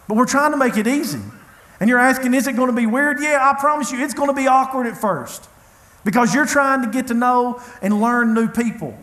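A man's voice: very high-pitched, brisk, fairly bright tone. A man preaching a sermon, telling a personal story in an earnest, conversational way. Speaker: pastor. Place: church hall. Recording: echoey church room.

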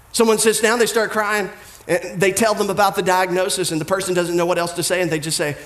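A pastor delivers a sermon in a relaxed, conversational way, breaking into quick impressions of the people in his stories. His voice sits fairly high for a man. His tone stays humorous and direct. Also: echoey room.

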